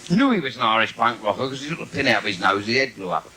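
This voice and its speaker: Brief: London man, lively sing-song comic patter, noisy live-theatre sound. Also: mid-range voice, fast talker. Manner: brash, cheeky patter with audience asides. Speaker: stand-up comedian. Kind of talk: live bawdy stand-up routine. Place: theatre stage before a live audience.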